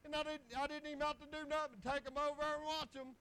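A man's voice: very high voice, level tone, fast, pushed and bright, low-quality recording. A man preaching a folksy sermon, telling homespun stories and chuckling along the way.

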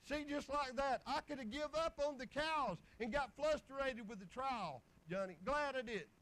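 A man's voice: very high-pitched, moderate pace, fairly bright tone, poor audio. A man preaching a folksy sermon, telling homespun stories and chuckling along the way.

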